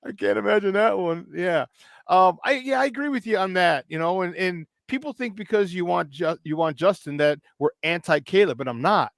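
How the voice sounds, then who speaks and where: A man's voice: high voice, creaky, a bit bright, no room sound. A man hosting a sports talk show, emphatic and questioning in casual chat. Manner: emphatic, keeps asking "all right?"; asks rapid questions.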